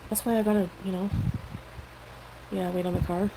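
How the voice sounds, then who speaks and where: A woman's voice: medium pitch, little pitch movement, moderate pace. A woman talking casually on a livestream, rambling and defensive, with lots of fillers. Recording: livestream audio with background noise.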